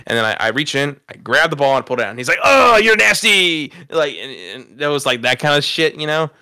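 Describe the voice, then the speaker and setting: A man's voice: medium pitch, quick pace, sharp tone, smooth, dry recording, clean studio sound. A young man telling a rambling, profane story to friends on a podcast, laughing at himself. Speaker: podcast host. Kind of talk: casual storytelling chat.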